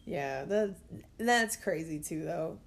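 A young adult woman chatting casually as a podcast guest, talkative and quick to laugh. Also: low voice, lively intonation, vocal fry, a little hiss or hum. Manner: chatty, laughs easily, many fillers. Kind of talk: casual chat.

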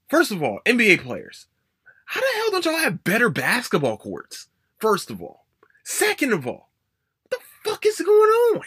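Animated man ranting about sports. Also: breathy edge, no room sound, studio quality. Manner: emphatic, profane, jumps up in pitch for emphasis. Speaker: podcast host. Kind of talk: casual sports podcast rant.

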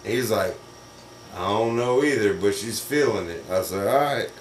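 A man co-hosting a podcast, telling a story in an animated, profane way and laughing as he goes. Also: fairly low pitch, moderate pace. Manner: animated, profane, laughs through his stories. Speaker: podcast co-host. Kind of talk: casual storytelling chat. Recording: roomy, distant mic with faint noise.

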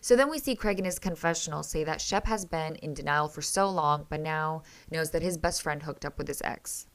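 A woman's voice: sits low, a little fast. A woman hosting a casual reality TV recap, chatty and opinionated, often stopping to restart and correct herself. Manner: chatty, opinionated, animated reactions. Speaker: TV recap host.

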